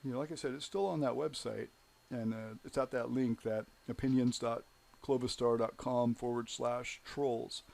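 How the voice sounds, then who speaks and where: A man's voice: mid-range voice, fairly even intonation, moderate pace, vocal fry, darkish tone. Guy ranting on his own show, rambles a lot, says you know constantly, medium voice. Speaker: show host. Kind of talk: casual monologue storytelling.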